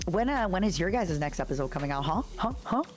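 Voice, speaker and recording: A woman's voice: on the low side, fast, music in the background. A woman guest in a casual chat, telling stories animatedly and acting out what people said. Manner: animated storyteller, acts out quoted dialogue.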